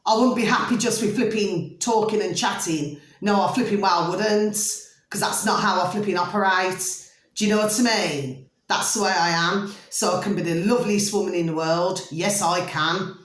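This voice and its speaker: A woman's voice: medium pitch, fairly even intonation, moderate pace. A woman talking emphatically to camera in a casual rant, repeating questions to her viewers. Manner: repetitive, keeps asking "do you see what I'm saying"; emphatic, peppered with "flipping". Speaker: video blogger. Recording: echoey room.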